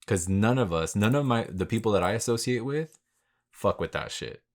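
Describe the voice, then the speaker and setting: A man's voice: lowish voice, animated, normal speed. A man hosting his own podcast, talking in a laid-back, rambling way with lots of slang and swearing. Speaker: podcast host. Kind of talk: casual solo podcast monologue.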